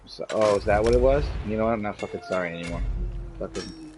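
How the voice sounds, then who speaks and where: A man's voice: lowish voice, fast, music in the background, low-quality recording. A man streaming a game and chatting casually, telling rambling, profanity-laden stories. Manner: swears a lot, rambling storyteller. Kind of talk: casual chat while gaming.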